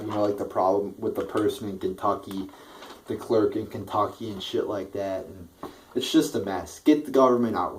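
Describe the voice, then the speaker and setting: A man's voice: fairly low pitch, a little mellow, a little hiss or hum, low-quality recording. A man delivering a blunt, profane political rant, rambling with many restarts. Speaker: political vlogger.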